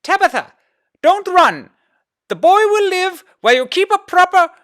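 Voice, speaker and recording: A man putting on a shrill scolding mother. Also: big pitch swings, normal speed, heavily acted. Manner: loud, high and scolding. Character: scolding mother, sharp and frustrated. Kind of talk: storybook reading.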